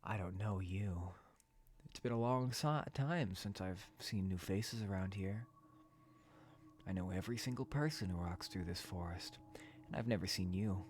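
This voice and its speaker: A man reading out a threatening female stranger in a forest, speaking in a low, slightly hoarse, half-whispered voice. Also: moderate pace, darkish tone, slight background noise, close to an everyday voice. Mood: menacing.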